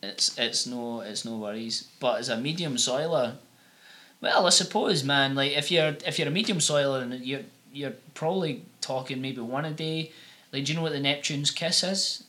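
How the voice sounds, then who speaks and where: A man's voice: mid-range voice, normal speed, sharp tone. A young adult man with a Scottish accent, rambling through crude, sweary anecdotes as a podcast co-host. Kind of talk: casual comedic chat.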